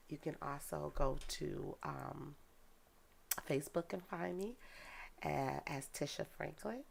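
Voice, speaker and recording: Woman educator, gravelly low voice, lively storyteller, casual interview. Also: takes it slowly, slight background noise. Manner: lively storyteller, laughs often. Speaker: guest, educator and daycare owner.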